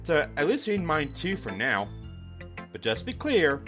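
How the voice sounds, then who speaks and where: A man's voice: fairly high pitch, huge pitch swings, moderate pace, fairly bright tone, soft background music, voice pushed up. A man reading a blunt, feisty teenage girl. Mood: bossy. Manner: pushy, then earnest.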